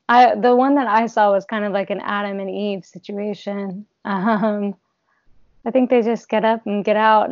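A woman's voice: mid-range voice, darkish tone, dry recording. A woman co-hosting a casual interview, talking hesitantly with fillers. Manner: hesitant, chatty, laughs often. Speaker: co-host. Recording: dry, slightly dull sound.

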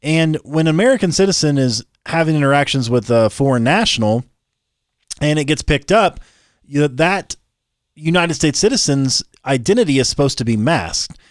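A man co-hosting political commentary, his pitch swinging widely as he talks. He sounds incredulous and quick to joke, in a dry room with little echo. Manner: animated, incredulous, joking. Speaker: podcast co-host.

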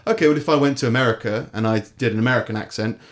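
English man, podcast co-host, casual chat, dry sardonic rambling, mid-pitched voice. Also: racing. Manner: sardonic, rambling, trails off into mumbles.

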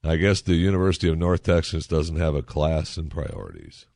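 A man with a deep, low-pitched voice hosts a talk radio monologue, swinging up and down in pitch as he riffs sarcastically. He rambles and restarts mid-thought. The sound is close and dry. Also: very animated, brisk, creaky, darkish tone, dry recording. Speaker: radio talk show host.

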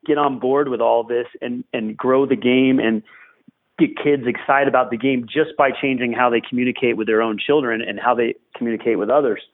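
A man's voice: medium pitch, fairly even intonation, a little fast. A man hosting a podcast conversation, talking like a coach and driving his points home by repeating them. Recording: tinny phone-like line.

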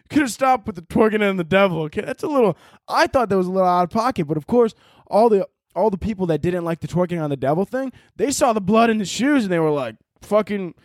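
Animated, swearing male comedian. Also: high voice, no room sound, clean studio sound. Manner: profane, animated and ranting. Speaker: comedian and podcast host. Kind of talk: casual comedic rant.

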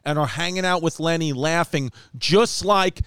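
A man from New York hosting a comedy podcast, telling stories in a casual, animated way and acting out quotes. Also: fairly high pitch, moderate pace, clean tone, no room sound, clean studio sound. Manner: animated storyteller, acts out quotes. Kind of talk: casual storytelling chat.

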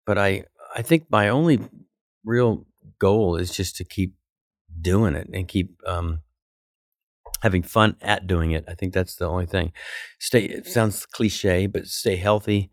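Animated man in his fifties, dry close sound. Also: a little slow, no room sound. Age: 50s. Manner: animated, acts out quotes with jumps in pitch. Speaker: comedian guest. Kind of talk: casual storytelling interview.

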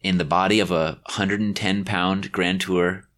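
A man hosting a podcast, speaking in a deliberate, measured way. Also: low-pitched, fairly even intonation, fairly bright tone. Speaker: podcast host. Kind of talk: casual podcast chat.

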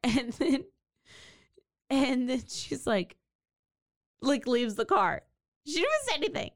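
Animated woman telling a true-crime story. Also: high-pitched, a little slow, no echo, studio quality. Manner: animated, acts out characters with big swings in voice. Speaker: podcast co-host.

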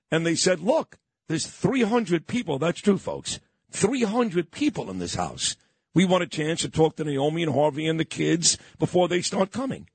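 A middle-aged man from Brooklyn, hosting a morning radio show and reminiscing in a sentimental, halting way. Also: a little high, slightly rough, no room sound. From Brooklyn, New York. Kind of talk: radio talk show chat.

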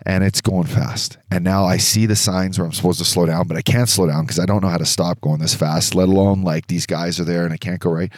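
Deep-voiced man telling a wild story. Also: a little fast, few pauses, dry recording, clean studio sound. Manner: animated, swearing, acts out quoted voices. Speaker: podcast co-host. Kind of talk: casual storytelling chat.

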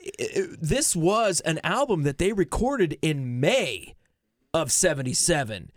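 A man's voice: a little high, big pitch swings, unhurried, dry recording, studio quality. Rambling man telling a rock story. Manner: rambling storyteller, many restarts. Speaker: podcast co-host. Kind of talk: casual chat.

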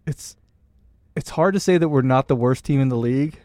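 A man's voice: medium pitch, normal speed, darkish tone, no room sound, studio quality. A man from Canada, co-hosting a casual sports podcast in a brash, joking, swearing way. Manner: brash, swearing, laughs often. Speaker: podcast co-host.

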